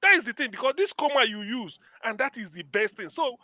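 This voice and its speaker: A Nigerian man arguing in a heated political debate, loud and emphatic, slipping into pidgin. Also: very high voice, lively intonation, fairly quick. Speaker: panel guest.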